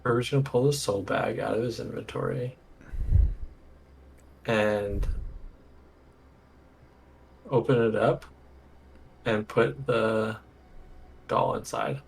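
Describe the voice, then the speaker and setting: A man at a tabletop game, describing his character's moves in a halting, self-deprecating way. His voice is gravelly and swings widely in pitch. Faint hiss hangs behind him. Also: animated. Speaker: player. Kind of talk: casual tabletop game chat.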